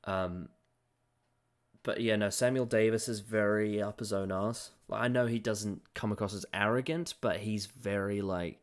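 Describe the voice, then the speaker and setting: A man with a low voice co-hosting a casual podcast. He rants animatedly, swears freely and laughs at his own outbursts. His talk stays loose and conversational. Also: steady tone, normal speed. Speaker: podcast co-host. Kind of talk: casual chat.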